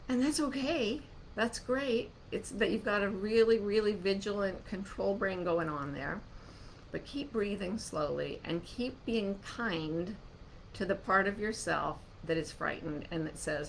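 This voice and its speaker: A woman hosts a live online talk and takes questions from her audience. Her voice is bright and clear, a touch lower than most. She swings from animated cheer to slow, soothing reassurance. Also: a little hiss or hum. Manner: warm, animated, soothing when slowing down. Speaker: host answering listener questions.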